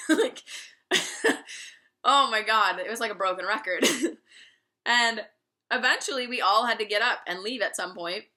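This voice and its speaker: Bright-voiced young woman telling a story. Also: a little high, measured pace, long pauses. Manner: candid and profane, laughing often. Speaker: vlogger. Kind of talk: casual storytime.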